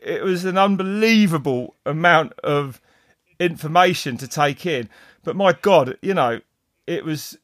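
A middle-aged man, a race commentator, telling stories in casual chat, rambling and animated with many restarts. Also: on the high side, no room sound, clean studio sound. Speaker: mountain bike race commentator. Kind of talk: casual podcast storytelling.

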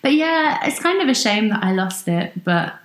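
A woman's voice: medium pitch, big pitch swings, moderate pace, reverberant. A woman from South Wales with a mostly neutral British accent, chatting as a guest and laughing often. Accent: neutral British English, faint Welsh. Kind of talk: casual chat.

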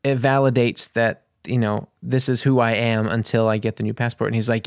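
A man's voice: mid-range voice, flat delivery, a little fast, hardly any pauses, clean tone, no echo, clean studio sound. A man vlogging, telling a story in a casual, rambling way, often restarting and searching for words.

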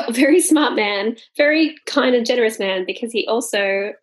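A woman's voice: a little high, normal speed. A woman co-hosting a casual podcast chat, talking freely with many fillers and frequent laughs. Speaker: podcast co-host.

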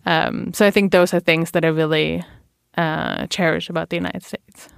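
A woman's voice: deep voice, steady tone, moderate pace, gravelly, clean tone, no room sound, clean studio sound. A woman from Germany with a German accent, chatting as a guest and telling stories with fillers and laughs. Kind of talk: casual interview chat.

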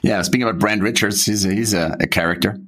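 A man's voice: fairly low pitch, fairly even intonation, quick pace, fairly bright tone. A man hosting a podcast interview, chatting, reminiscing and asking questions. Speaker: podcast host. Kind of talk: casual interview.

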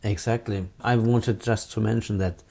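A man's voice: fairly low pitch, steady tone, moderate pace, vocal fry, a little mellow. A man interviewing his former hypnotherapy teacher, adding his own points in an eager, supportive way. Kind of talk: interview questions and comments.

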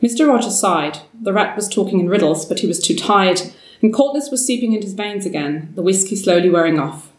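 A woman narrating a story aloud in a measured, steady way. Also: medium pitch. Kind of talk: storybook reading. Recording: roomy, distant mic.

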